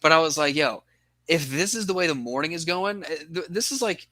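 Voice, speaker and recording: A man's voice: a little high, expressive, fairly quick, sharp tone, dry recording. A young man on a podcast, telling a story in rambling casual chat and swearing a lot. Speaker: podcast co-host.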